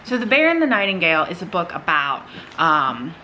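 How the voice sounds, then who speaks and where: A young woman talks at home in a bright, forceful voice, bubbly and excitable as she chats to her camera. Her pitch sits a little low, and faint room noise hums behind her. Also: a little fast, highs cut off. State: out of breath. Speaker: vlogger. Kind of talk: casual reading vlog.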